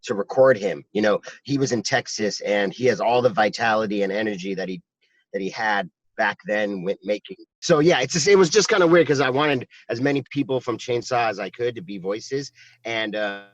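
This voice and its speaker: A man being interviewed, talking casually in halting, stammering sentences with swearing, heard over a dull remote line. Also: lowish voice, lively intonation, no room sound. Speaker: interview guest, animator.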